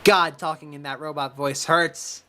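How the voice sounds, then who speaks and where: A man's voice: fairly high pitch, steady tone, unhurried, sharp tone, a little hiss or hum. A male streamer muttering offhand game commentary. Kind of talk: let's play commentary.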